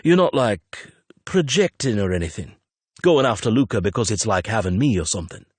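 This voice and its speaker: A man's voice: on the low side, animated, brisk, slightly rough, no room sound. A man voicing a weary middle-aged father who is blunt and tactless, speaking in a raised, brash, emotional voice.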